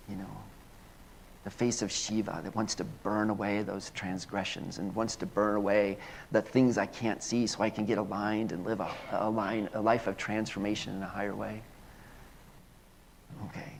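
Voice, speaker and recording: A male minister preaching a sermon, earnest, often repeating and restarting words, then moving into a slow hushed guided prayer. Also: lowish voice, fairly even intonation, gravelly, breathy edge. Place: church sanctuary.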